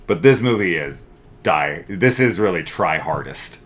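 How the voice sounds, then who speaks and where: Male co-host, low and bright, animated and profane, casual review chat. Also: unhurried, faint music behind. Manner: animated and profane, ranting, mimics scenes loudly. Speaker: co-host of a horror film review channel.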